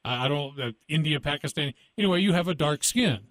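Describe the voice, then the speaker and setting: A man's voice: on the high side, expressive, brisk, fairly bright tone, dry recording. A man hosting a casual interview on a podcast, teasing and joking with his guest. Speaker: podcast host.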